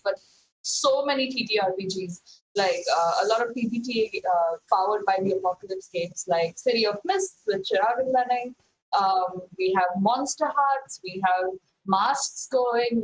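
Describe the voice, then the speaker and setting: Chatty, giggly woman with a higher voice. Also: rough recording. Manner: giggly, chatty, self-mocking. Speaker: player. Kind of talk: casual chat on a game stream.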